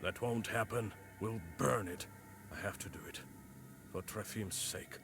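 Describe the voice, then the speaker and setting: A loyal, shaken village man from a game, talking earnestly and with weariness. His voice sits low and he speaks slowly. Game music runs clearly behind. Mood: grim. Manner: earnest, weary. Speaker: game character. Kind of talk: video game voice acting.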